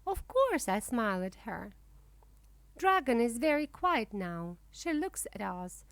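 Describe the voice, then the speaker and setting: Slow expressive woman reading to children. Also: on the high side. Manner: clear, simple storytelling. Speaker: storybook reader. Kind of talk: first-person storybook narration for children.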